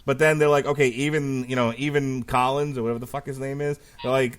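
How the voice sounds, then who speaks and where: A man's voice: medium pitch, flat delivery, fast talker. Man hosting a casual podcast. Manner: loose retelling, steers the talk, swears casually. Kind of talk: casual chat.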